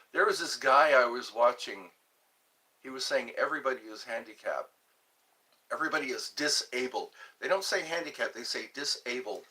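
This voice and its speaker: A man's voice: mid-range voice, pushed and bright. A man hosting his own live stream, rambling and joking between topics, greeting viewers and now and then breaking into mock cries.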